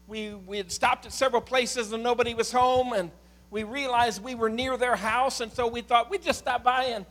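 A man preaching a sermon in a very high, bright voice. He is a middle-aged pastor who swings between fervent, shouted points and hushed, chatty stories, with a faint hum behind him. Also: fairly even intonation, normal speed. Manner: impassioned preaching, rising to shouts, dropping to quiet storytelling.

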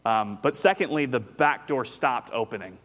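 A man's voice: mid-range voice, normal speed, fairly bright tone. A man, preaching a conversational sermon as pastor, telling a story and rising with animation.

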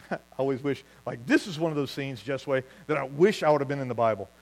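A man preaching a sermon as pastor, telling stories with lively asides and laughing at his own jokes. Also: mid-range voice, a little fast, rough recording.

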